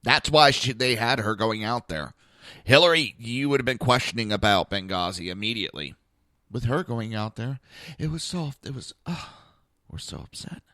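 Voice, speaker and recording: Speaking at normal speed with lively intonation, a podcast host with a medium-pitched voice gives a profane, blunt political monologue full of rhetorical questions. His tone is pushed and bright, and the studio-quality recording is dry.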